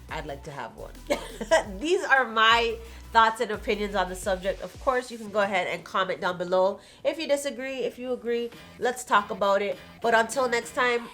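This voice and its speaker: A woman's voice: mid-range voice, a bit bright. Chatty woman vlogger sharing her opinions. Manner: conversational, opinionated, laughs easily. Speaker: vlogger, channel host. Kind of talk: casual talking-to-camera commentary.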